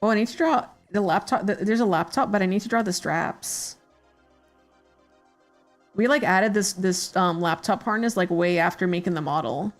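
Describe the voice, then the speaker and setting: A woman's voice: mid-range voice, normal speed, faint music behind. A woman streamer chatting casually while she draws, rambling with many fillers and hesitations. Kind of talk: casual chat while drawing.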